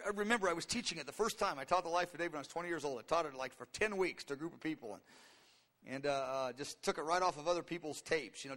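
A man in his fifties preaching a sermon in an animated way, acting out voices in the story with sudden leaps in pitch. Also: in a large hall. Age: 50s.

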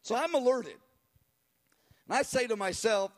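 A middle-aged man preaching, telling a story in an animated way and acting out quotes. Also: very high-pitched, measured pace, pauses often. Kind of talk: sermon storytelling.

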